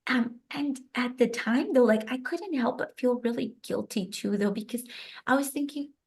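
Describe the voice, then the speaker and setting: A young woman with a slightly high voice recounts her own story as an interview guest. She speaks with open emotion, leaning on casual fillers like "like" as she goes. The delivery is conversational and heartfelt. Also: normal speed. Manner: emotional, animated retelling with frequent "like" fillers. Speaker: guest author.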